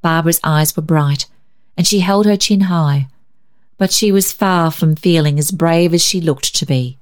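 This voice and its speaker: A woman narrating a classic short story in a calm, measured storytelling manner. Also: deep voice.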